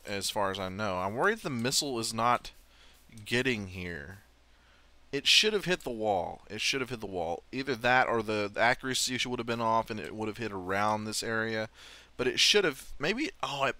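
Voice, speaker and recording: A man's voice: medium pitch, bright, forceful tone, no echo. A young man giving casual, self-mocking commentary on his own game play, swearing and laughing often. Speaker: let's play host.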